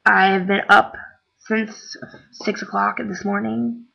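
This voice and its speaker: A tired young woman rambles through a casual vlog, peppering her talk with "like" and "um". Her voice has a gravelly fry. The recording sounds dull and lo-fi, like a cheap webcam. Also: medium pitch, level tone, takes it slowly. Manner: chatty, rambling, lots of "like" and "um". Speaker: vlogger. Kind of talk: casual chat.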